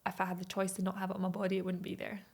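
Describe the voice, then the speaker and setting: A woman's voice: mid-range voice, very fast, creaky. Chatty young Scottish woman. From Scotland. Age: 20s. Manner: chatty, animated storyteller, laughs often. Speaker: podcast guest. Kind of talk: casual chat.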